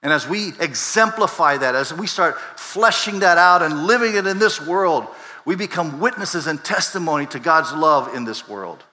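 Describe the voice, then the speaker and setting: A man preaches from the pulpit in an easy, conversational way, circling back over his words and throwing questions at the room. His voice is bright and forward, and it rings out with a long tail of reverb from a large sanctuary. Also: fairly high pitch, animated, normal speed. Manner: conversational preaching with many restarts and rhetorical questions. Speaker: pastor. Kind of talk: sermon. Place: church sanctuary.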